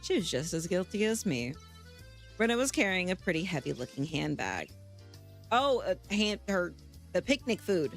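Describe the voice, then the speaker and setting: A woman's voice: on the low side, very animated, moderate pace, faint music behind. A woman streaming live, chatting casually and reading a visual novel aloud, laughing often and swearing freely.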